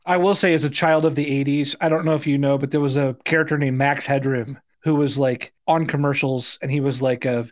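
A man's voice: mid-range voice, steady tone, fairly quick, few pauses. A man around forty co-hosting a sports podcast, talking loosely with lots of fillers and "like"s. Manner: loose and chatty, many fillers and "like"s. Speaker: podcast co-host. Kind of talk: casual sports podcast chat.

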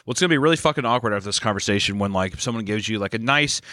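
A man's voice: fairly low pitch, rapid-fire, sharp tone, no echo, clean studio sound. A man co-hosting a podcast, trading crude jokes in casual comedic chat. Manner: crude, joking banter. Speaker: podcast co-host.

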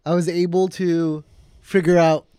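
A man's voice: a little high, flat delivery, measured pace, warm tone, clean tone, no room sound, studio quality. A man in his thirties, co-hosting a podcast in casual chat, often laughing and joking. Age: 30s. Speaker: podcast co-host.

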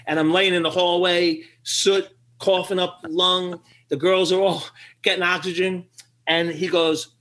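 A man's voice: high voice, flat delivery, measured pace, a bit bright. A middle-aged man tells a story as a podcast guest, with a slightly raised voice. He acts out other people's lines as he goes and laughs often, then turns earnest at the close. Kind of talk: storytelling interview.

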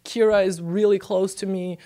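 A young Brazilian woman, a guest on a podcast, tells a story in casual conversation at normal speed. She's animated and laughing, putting on a high voice to act out quotes.

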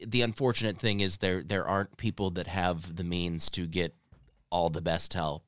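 A man's voice: low-pitched, steady tone, normal speed, fairly bright tone, no room sound. A man joining as guest co-host, chatting casually and playfully, swinging between silly bits and earnest talk. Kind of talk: casual chat.

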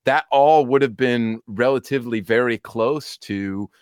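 A man in his thirties, a podcast guest, telling stories in an animated, chatty way with quick asides. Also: mid-range voice, clear, resonant tone, no room sound, clean studio sound. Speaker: podcast guest, polka band musician. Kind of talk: casual chat.

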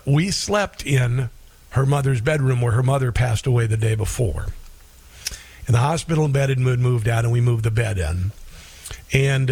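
A middle-aged man hosts a talk radio show and tells a heartfelt personal story. He speaks haltingly, often starting his sentences over, in a mid-range voice with a darkish tone.

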